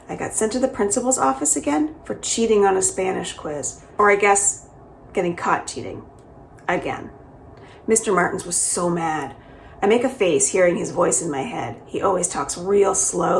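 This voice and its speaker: A woman librarian reading the first chapter of a middle-grade novel aloud, with expressive, lively storytelling. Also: on the low side, vocal fry, slight background noise. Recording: roomy echo.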